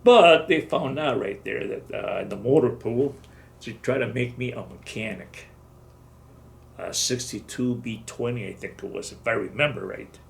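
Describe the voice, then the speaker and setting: A man's voice: medium pitch, moderate pace, vocal fry. A man in his seventies, a veteran in an oral history interview, telling his stories in a rambling way and acting out the dialogue. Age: 70s. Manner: rambling storytelling, acts out dialogue.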